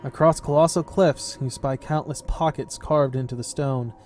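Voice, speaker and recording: A man's voice: medium pitch, fairly even intonation, moderate pace, darkish tone, a little hiss or hum. A man reading game text aloud in a casual playthrough, reading steadily and breaking off into casual comments. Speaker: game player and narrator.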